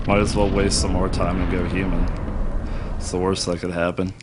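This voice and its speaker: Deep-voiced self-mocking speedrunner man. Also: flat delivery, a little slow, very noisy. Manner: self-deprecating, laughs often. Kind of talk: live speedrun commentary.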